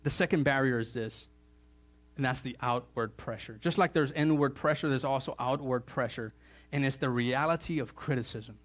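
A man preaching a sermon in church, animated, with joking asides and sudden jumps to a louder, higher voice for emphasis. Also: normal speed. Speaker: pastor.

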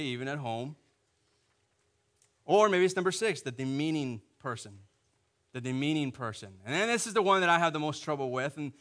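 A married man preaching a sermon to a congregation, repeating phrases and acting out quick asides. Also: fairly high pitch. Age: adult, married. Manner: animated, repetitive preaching with acted asides. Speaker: pastor.

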